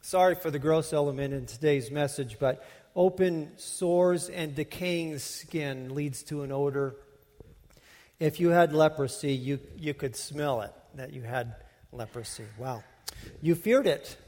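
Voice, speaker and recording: A man's voice: a little high, unhurried, a little mellow. Man preaching in a reverberant hall. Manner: conversational teaching with frequent restarts and repeated words. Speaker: pastor. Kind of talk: sermon.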